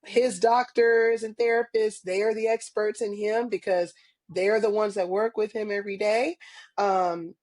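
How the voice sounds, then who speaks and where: A woman's voice: mid-range voice, little pitch movement, unhurried, a little mellow, no echo. A woman guest on a podcast interview, talking casually and earnestly with lots of ums and small laughs. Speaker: podcast guest, parent advocate.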